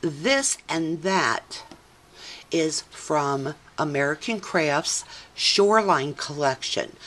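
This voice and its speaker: Older woman, low voice, unhurried, chatty sentimental craft talk. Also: a bit bright, slight background noise. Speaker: scrapbooking channel host. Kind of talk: casual craft video chat.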